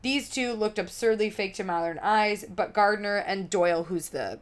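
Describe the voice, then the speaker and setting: A woman spinning a rambling story on a podcast, swearing freely and breaking into giggles. Her voice sits at an ordinary middle pitch, loose and unpolished. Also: normal speed, slight background noise. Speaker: podcast co-host. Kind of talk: casual chat, storytelling.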